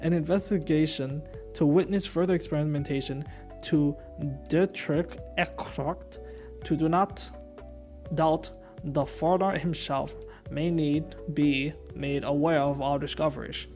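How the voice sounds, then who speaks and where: A stiff German official reads out a report in a formal, declaiming manner, as a streamer puts him on. The delivery is slow, deliberate and a little pompous, at a middling pitch. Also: fairly even intonation, darkish tone, soft background music, natural voice. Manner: formal, declaiming, breaks into giggles. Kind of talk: mock-dramatic reading of an in-game document.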